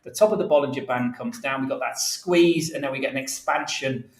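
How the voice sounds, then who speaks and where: A man talks viewers through currency charts live, pausing with frequent "uh"s and restarting sentences. His voice sits at an ordinary middle pitch, and the room around him rings noticeably. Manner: halting, many fillers, talks to viewers while searching charts. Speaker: market analyst. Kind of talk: live market commentary over charts. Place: office workstation. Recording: roomy, sometimes away from the mic.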